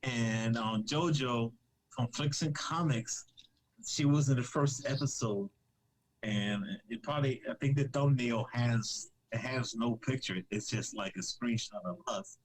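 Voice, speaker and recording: A man's voice: medium pitch, a little slow, a little hiss or hum, low-quality recording. A man chatting as a podcast guest, rambling with lots of restarts and easy laughter. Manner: rambling, many restarts and fillers; laughs easily, joking. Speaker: podcast guest, comic creator. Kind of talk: casual live-stream chat.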